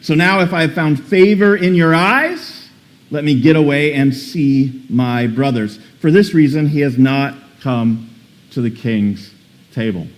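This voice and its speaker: A man's voice: fairly high pitch, measured pace. A man preaching a sermon, reading scripture aloud and commenting in a casual, dramatic way with frequent restarts. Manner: animated, reads scripture then comments with dramatic emphasis; casual asides with repeated word restarts. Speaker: pastor.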